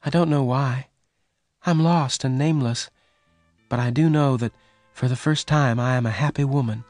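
A man voicing a gentle, sad young woman who speaks softly and pleads. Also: mid-range voice, moderate pace, dry recording, faint music behind, voice pushed up, lightly acted. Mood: tender. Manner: raised, soft pleading voice.

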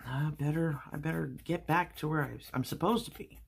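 A bewildered, earnest male fish, played by a woman telling a joke. The voice is low and gravelly, with a husky grain and lively swings in pitch. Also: a little fast, full character voice. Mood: agreeable. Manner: puzzled, plain-spoken. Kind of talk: playing a voice in a told joke.

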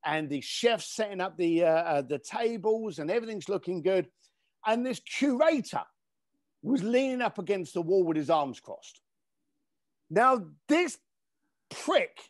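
A man telling an emphatic story as a podcast guest, animated and casually swearing. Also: on the high side, no echo, studio quality. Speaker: podcast guest, speaker and coach.

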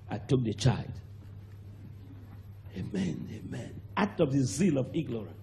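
A man with a Nigerian accent preaching a sermon, telling a testimony with animated acted-out voices and sudden shouts. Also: medium pitch, moderate pace, pauses often, slight background noise. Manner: animated storyteller, acts out voices, bursts into shouts and laughter.

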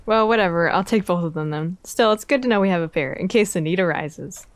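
A woman plays a story game on video. She chats along, often giggling. She reads the dialogue out loud as she goes. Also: fairly low pitch, fairly quick, dry recording. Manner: giggly, chatty. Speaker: gaming streamer. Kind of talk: let's-play commentary, reading dialogue aloud.

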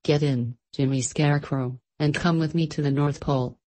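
A woman reading aloud, voicing an old male Santa Claus who speaks in a slow, commanding and hearty way. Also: deep voice, fairly even intonation, darkish tone.

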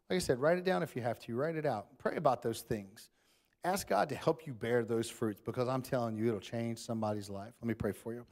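A man's voice: medium pitch, a little fast, a little mellow. Man, preacher, church sermon, conversational and direct with the crowd. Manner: conversational Southern-style preaching, addresses crowd as y'all.

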